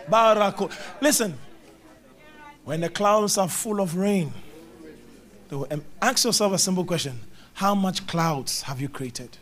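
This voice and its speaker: A man preaching a charismatic sermon, animated, acting out little scenes with mimicked voices and sounds. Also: high voice, unhurried, a faint crowd. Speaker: prophet preaching.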